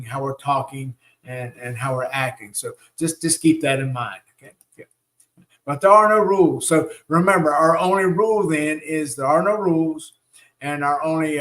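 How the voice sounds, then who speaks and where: A middle-aged man with a Southern US accent, hosting a live-stream teaching and talking in a folksy, rambling way with many fillers. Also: on the high side. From Southern United States. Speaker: spiritual teacher and show host.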